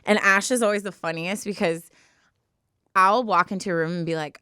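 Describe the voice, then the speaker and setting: A young woman co-hosting a podcast, telling stories in an emotional, animated way during a casual chat. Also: medium pitch, normal speed, smooth, no room sound, clean studio sound. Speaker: podcast co-host.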